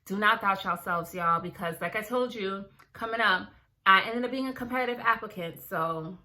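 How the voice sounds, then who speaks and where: A young woman, a dermatology resident, chatting casually to her viewers in an animated storytelling vlog. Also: mid-range voice, moderate pace. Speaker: dermatology resident, video creator.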